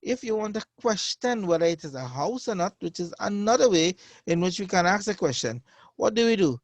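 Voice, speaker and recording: A man's voice: high-pitched, lively intonation, no room sound. Patient male teacher drilling phrases. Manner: patient, repeats each phrase slowly for learners. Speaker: Arabic teacher. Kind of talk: online beginner language lesson.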